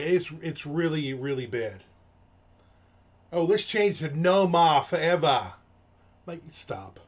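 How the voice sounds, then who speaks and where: Middle-aged guy ranting, kinda high voice, sarcastic and rambly, muffled lo-fi audio. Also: fairly bright tone. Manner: sarcastic, rambling, full of fillers and restarts. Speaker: host of a rant segment. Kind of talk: casual rant monologue. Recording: dull lo-fi sound.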